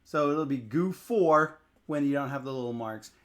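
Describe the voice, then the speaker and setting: A man's voice: medium pitch, normal speed. A man from Tennessee, patiently teaching tones to his co-host with a teasing humor. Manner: patient, teasing, drills syllables. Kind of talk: casual teaching chat.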